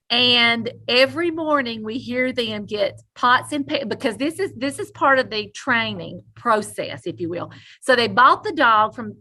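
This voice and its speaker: A woman co-hosting a podcast, telling a story in animated casual chat and laughing often. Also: fairly high pitch. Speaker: podcast co-host.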